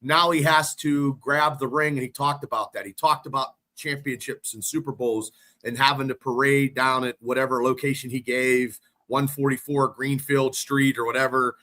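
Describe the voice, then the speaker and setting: A man co-hosting a casual sports podcast, talking in an excitable, rambling way and swearing freely. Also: medium pitch, normal speed. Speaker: podcast co-host.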